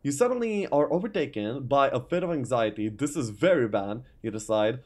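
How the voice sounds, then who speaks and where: A man's voice: medium pitch, animated, a little fast, few pauses, darkish tone. A man reading a game's story text aloud, stopping for asides and frequent "uh"s. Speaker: gaming YouTuber reading a map's story. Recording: faint music behind.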